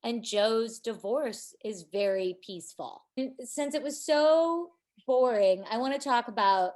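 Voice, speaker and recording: A woman co-hosting a casual podcast, summing things up bluntly and dryly. Her voice is slightly higher than average. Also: expressive, measured pace, a little mellow. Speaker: podcast co-host. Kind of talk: casual chat recapping reality TV.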